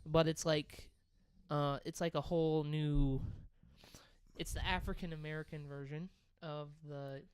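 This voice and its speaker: Podcast co-host, male, higher register, smooth clear tone, dry close sound, loose and profane. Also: little pitch movement, a little slow, no echo. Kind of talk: casual chat.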